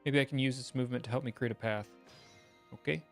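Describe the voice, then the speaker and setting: A male streamer mutters quietly as he plays through a puzzle game. His voice is mid-pitched and easygoing. Faint game music plays underneath. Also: fairly even intonation, fast talker, gravelly. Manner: quiet, muttering to himself while solving puzzles. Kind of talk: casual gameplay commentary.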